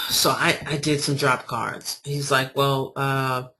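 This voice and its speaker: Bright, emphatic woman marketing coach. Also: very deep voice, takes it slowly, slight background noise. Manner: animated, emphatic storytelling. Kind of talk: informal training talk.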